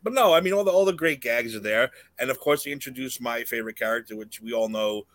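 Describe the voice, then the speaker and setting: A man's voice: medium pitch, fast talker, a bit bright, dry recording. A man co-hosting a podcast, chatting casually and animatedly, laughing often as he jokes. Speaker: podcast co-host. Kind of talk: casual chat.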